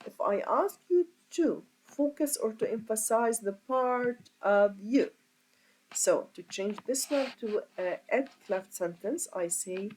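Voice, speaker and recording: A woman's voice: fairly high pitch, animated, darkish tone, a little hiss or hum, poor audio. A woman teaching a grammar lesson as an English teacher, explaining step by step and asking her class rhetorical questions. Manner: slow, deliberate, asks rhetorical questions.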